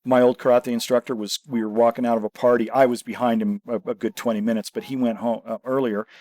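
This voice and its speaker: Chatty man host, middle pitch, dry close sound, animated storytelling. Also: fast, no room sound. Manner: animated anecdotes, frequent agreeing. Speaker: podcast host. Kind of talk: conversational podcast chat.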